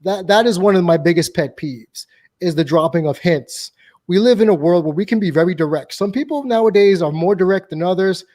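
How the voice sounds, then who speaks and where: A man hosts a relaxed podcast conversation, drawing on his work as a dating coach. His voice sits high for a man, and he talks bluntly and with conviction, spinning quick anecdotes. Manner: blunt, opinionated, animated storyteller. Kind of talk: casual podcast chat.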